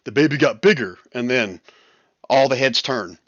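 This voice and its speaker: Guy gm on voice chat, bright crisp tone, dry close mic, kinda dull audio. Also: dry recording. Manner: relaxed, chuckling, voices the crowd in quick high bursts. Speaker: game master. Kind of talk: narrating a tabletop game online. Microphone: headset or desk mic on voice chat.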